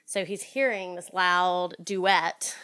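A woman's voice: fairly low pitch, fairly even intonation, slow, bright, forceful tone, clean tone. A woman casually telling a theater ghost story, chatty and full of fillers. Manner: chatty, lots of fillers and likes. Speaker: storyteller guest.

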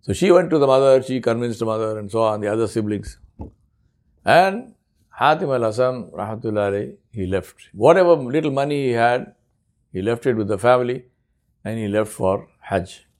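A man's voice: medium pitch, expressive, brisk, a little mellow. A man preaching a sermon, telling a story earnestly and using frequent Arabic honorifics.

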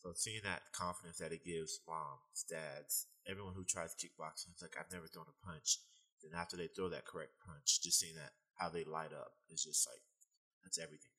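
A young man being interviewed, telling animated stories and laughing often in casual talk. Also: sits low, moderate pace, vocal fry, slightly rough, rough recording. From United States. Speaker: guest, fitness trainer.

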